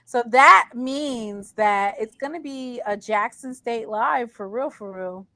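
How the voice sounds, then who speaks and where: A woman's voice: fairly high pitch, takes it slowly, pushed and bright, no echo. A woman co-hosting a casual sports chat, teasing and emphatic like an eager fan. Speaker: co-host.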